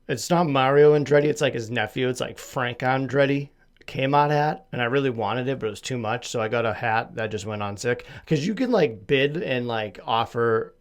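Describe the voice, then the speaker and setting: Podcast host dude from massachusetts, rambly and self-mocking, bit of a lisp, mid pitch. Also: male voice. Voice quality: slight lisp. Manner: rambling, self-deprecating, jokey with many fillers. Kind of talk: casual solo podcast chat.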